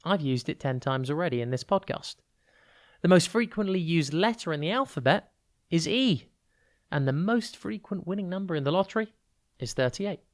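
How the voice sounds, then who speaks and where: A tutor leads a podcast vocabulary lesson in a clear, unhurried way, spelling words out letter by letter and stretching the stressed syllables of key words. The voice has an ordinary middle pitch and lively intonation.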